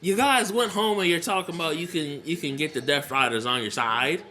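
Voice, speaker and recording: A young adult man giving casual reaction commentary, excitable, laughing often and swearing freely. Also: a little high, fairly quick, faint music behind. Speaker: wrestling reaction vlogger.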